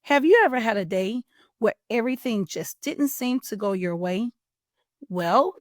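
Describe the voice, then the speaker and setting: A middle-aged woman hosting a children's storytime and reading a picture book aloud with an animated, expressive teacher's manner. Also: mid-range voice, dry recording, clean studio sound. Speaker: host and children's story reader.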